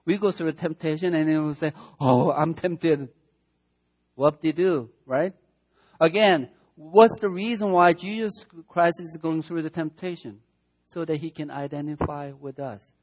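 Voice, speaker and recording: A man's voice: fairly high pitch, fairly even intonation, moderate pace, darkish tone. Man preaching, light voice. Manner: conversational preaching with rhetorical questions and frequent self-corrections. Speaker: pastor. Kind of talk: sermon, verse-by-verse Bible teaching.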